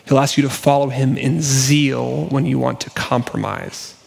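A man's voice: medium pitch, moderate pace, vocal fry, a little mellow, husky. A male pastor giving a sermon in an earnest, conversational, self-deprecating way. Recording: long reverb of a church hall.

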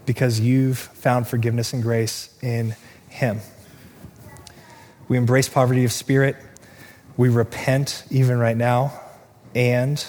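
A pastor delivering an earnest sermon, moving between quick asides and slow, stressed lines. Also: male voice, mid-range voice, a little mellow. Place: church sanctuary. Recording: reverberant hall, faint room noise.

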